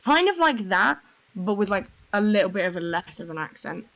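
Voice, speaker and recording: A young woman telling a rambling, excitable story in casual voice chat, full of fillers. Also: mid-range voice, a little fast, creaky, a crowd in the background, rough recording. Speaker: gamer.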